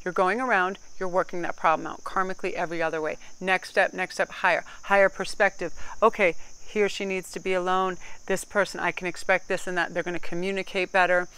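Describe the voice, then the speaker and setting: Smooth-voiced woman giving a chatty card reading. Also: on the low side, level tone, quick pace, few pauses, a bit bright, low-quality recording. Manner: chatty, rambling, candid with casual swearing. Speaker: tarot card reader. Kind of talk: casual spoken card reading.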